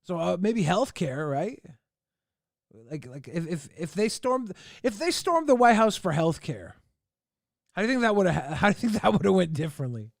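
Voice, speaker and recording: A man rambles through relaxed livestream commentary with chuckling asides. His voice is gravelly and a little high. The sound is dry and close. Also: normal speed, no room sound. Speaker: livestream host. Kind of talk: casual stream commentary.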